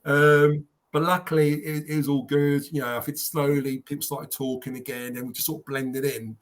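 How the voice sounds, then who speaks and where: A man with a slightly higher voice tells stories in a relaxed podcast chat. He gets animated and acts out other people's lines as he goes. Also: normal speed. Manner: animated anecdote-telling with mimicked quotes. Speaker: podcast panelist. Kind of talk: casual storytelling.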